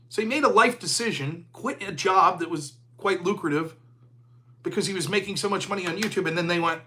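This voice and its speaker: A man's voice: sits high, sharp tone, slight background noise. A man of forty hosting a live stream, talking in a profane, heated rant. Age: 40s. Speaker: host.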